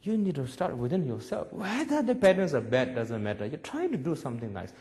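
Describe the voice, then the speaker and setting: Animated man in his forties telling stories. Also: medium pitch, a little fast. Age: 40s. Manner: animated storytelling in broken English, laughing often. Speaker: Buddhist teacher. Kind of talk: public talk. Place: webcast lecture.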